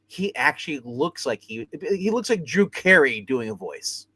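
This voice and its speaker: A man hosting a comic book livestream from his room at home, chatting casually with animated, rambling talk and frequent laughs. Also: fairly high pitch, measured pace. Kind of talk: casual chat.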